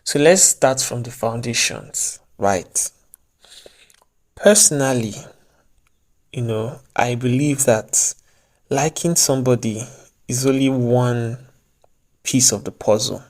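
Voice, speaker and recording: Chatty man with a mellow voice. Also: mid-range voice, slow, pauses often. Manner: chatty, joking asides, laughs at himself. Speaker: vlogger. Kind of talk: casual advice vlog.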